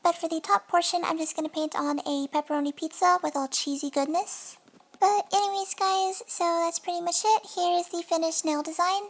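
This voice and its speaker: A woman's voice: very high voice, fairly even intonation, brisk, vocal fry. A young woman in a casual, chatty voice-over, narrating her nail art at home and often apologizing between fillers. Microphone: desk mic.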